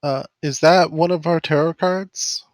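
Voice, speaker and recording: Higher-voiced curious player. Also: male voice, steady tone, a little slow, no echo. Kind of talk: casual chat.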